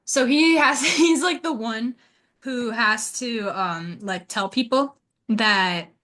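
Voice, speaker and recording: A teenage girl with a bright, high voice chats loosely as a podcast co-host. She fills her talk with filler words and giggles and rambles through her stories. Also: takes it slowly. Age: teens. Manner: chatty, many filler words and frequent laughs. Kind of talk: casual storytelling.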